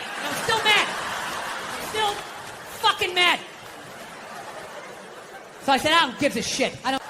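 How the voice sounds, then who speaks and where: With background noise behind him, an American comic works through a stand-up set full of loud, profane ranting, alternating between yelling and muttering under his breath.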